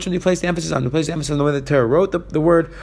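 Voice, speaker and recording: A man's voice: a little high, fairly even intonation, racing, vocal fry, a little mellow. A man teaching a Talmud page, reading the Aramaic text and explaining it in English. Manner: reads Aramaic lines then explains in English. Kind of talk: fast Talmud study lesson.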